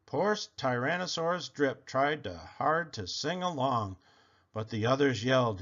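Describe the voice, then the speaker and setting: A man reading a children's picture book aloud with slow, animated storytelling. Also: medium pitch, dull audio.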